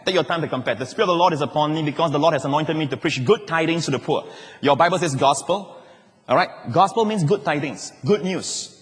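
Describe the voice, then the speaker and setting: A male pastor, preaching a lively sermon with jokes and sudden shouted quotes. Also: fairly high pitch, fast, big-room sound.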